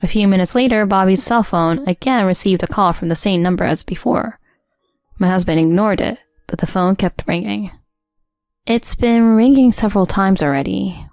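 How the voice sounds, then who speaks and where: A woman narrating a first-person story in an even, composed way. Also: medium pitch, a little fast, dry recording, studio quality. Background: soft music.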